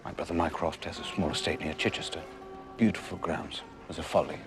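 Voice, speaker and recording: A wry, evasive genius detective; low, dry film delivery over the score. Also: male voice, fast. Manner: dry, offhand, low murmur. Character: eccentric brilliant male detective, wry and evasive. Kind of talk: period film dialogue. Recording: film soundtrack with music underneath.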